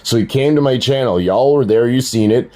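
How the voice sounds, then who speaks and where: An older man rants crudely and mockingly at his livestream viewers, laughing at his own jokes. His voice is medium-pitched and mellow, and he speaks briskly.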